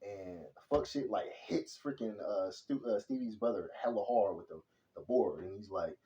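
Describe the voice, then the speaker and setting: A man giving a casual, slang-heavy movie review, animated and chatty, calling everyone "bro.". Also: on the low side, moderate pace, lo-fi sound. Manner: slangy and animated, says "bro" and "hella" constantly.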